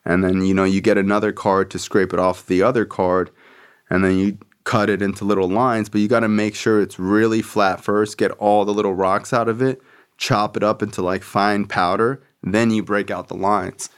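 A man's voice: lowish voice, little pitch movement, normal speed, clear, resonant tone. A man hosting a podcast, telling a personal story in casual, slangy speech full of "like" and swearing. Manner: slangy, profane, fills with "like", acts out friends' voices. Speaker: podcast host.

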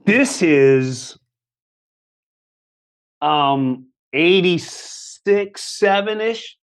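A man in his fifties from Long Island, a comedian telling a story in casual chat, animated, acting out other people's voices, swearing and laughing often. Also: high-pitched, very slow, clear, resonant tone. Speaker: comedian guest.

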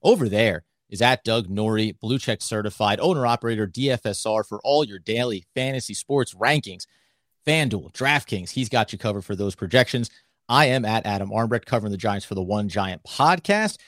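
A man's voice: on the low side, normal speed, a bit bright, no echo, studio quality. A man co-hosting a casual sports podcast, with upbeat, hype-style delivery. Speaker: podcast co-host.

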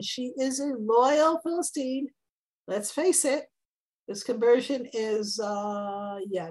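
A woman teaching a Bible class, lively and conversational, jumping up high when she acts out quotes. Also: slow. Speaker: Torah teacher.

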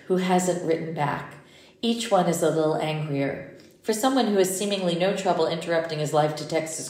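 A woman narrating a first-person audiobook in a measured, intimate way. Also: low voice, a little mellow. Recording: roomy echo.

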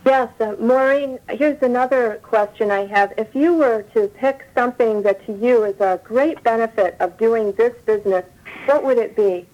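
A woman host politely invites callers to share and prompts them with questions. Her voice sits fairly high. The sound is dull and lo-fi, like an old radio broadcast. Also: moderate pace, darkish tone. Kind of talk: hosting a call-in program.

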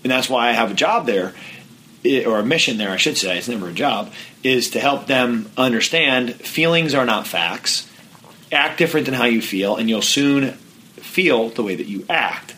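A man hosting a podcast, talking as a mental game coach in an energetic, emphatic, plain-spoken way. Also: mid-range voice, normal speed, slight background noise, rough recording. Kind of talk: motivational coaching talk.

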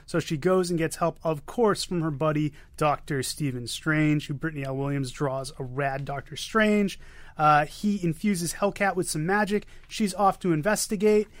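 A man co-hosting a podcast, giving quick, joking, enthusiastic comic recaps into a close mic. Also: sits high, dry recording. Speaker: podcast co-host. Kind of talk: casual chat about comics.

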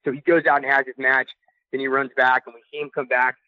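A young man tells a story fast and eagerly, full of casual slang. He is calling in, so his voice comes through a tinny phone line. The sound is dry and close. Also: mid-range voice, dry recording. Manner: excited, quick, loose slang. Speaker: podcast caller sharing a story. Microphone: phone call.

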